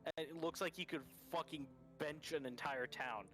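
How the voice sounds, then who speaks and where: A man chatting casually with fellow players, blunt and excitable, with frequent swearing. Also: fairly high pitch, normal speed, music in the background. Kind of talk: casual banter among players.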